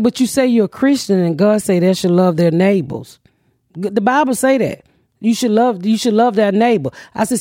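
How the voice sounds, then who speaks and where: Profane, animated podcast co-host. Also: mid-range voice, dry recording, studio quality. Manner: profane, animated storyteller acting out quotes. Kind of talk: casual chat, storytelling.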